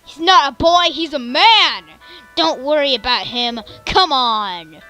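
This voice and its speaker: Woman doing a bossy girl pirate captain, high, bright, brusque, dismissive. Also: lively intonation, takes it slowly, soft background music, heavily acted.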